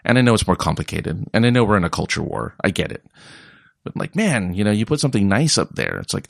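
A man's voice: on the low side, sing-song, a little fast, gravelly, dry recording, clean studio sound. A young man talking casually in a rambling way and mocking other people's voices when he quotes them. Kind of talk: casual monologue.

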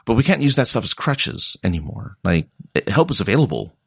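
A man's voice: fairly low pitch, sing-song, a little fast, vocal fry, slightly rough, dry recording, studio quality. A young man talking casually in a rambling way and mocking other people's voices when he quotes them. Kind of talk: casual monologue.

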